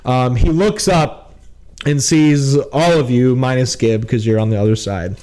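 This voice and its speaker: A man's voice: medium pitch, a little slow, noisy background. A man narrating as game master, rambling with many fillers. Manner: rambling, lots of "like".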